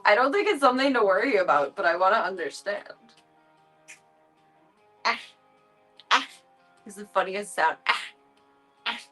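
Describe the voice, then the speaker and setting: A woman streams casually from her home, talking in a playful, cooing baby voice to her cats. Her pitch sits in an ordinary middle range. Faint music plays softly underneath. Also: expressive, normal speed, pauses often, low-quality recording. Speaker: livestreamer. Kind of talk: casual livestream chat.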